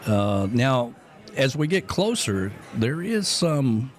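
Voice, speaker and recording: Lively, jokey man with a Jersey accent. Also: slow pace. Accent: New Jersey. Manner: chatty, jokey, lively pitch swings. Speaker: radio show host. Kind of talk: casual on-air chat.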